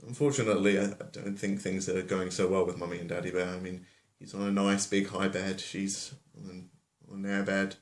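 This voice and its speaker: A man's voice: sits low, flat delivery, fairly quick, hardly any pauses. A man telling a fairy tale as a comedy, rambling with offhand asides. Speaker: storyteller. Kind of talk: comic storytelling. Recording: roomy echo.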